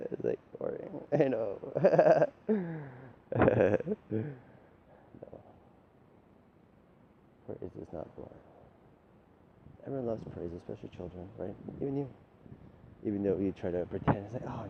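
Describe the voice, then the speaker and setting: A man's voice: on the low side, gravelly, noisy background. A man delivering a rambling, profane, lecturing monologue straight at the listener. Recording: dull lo-fi recording with faint ambience.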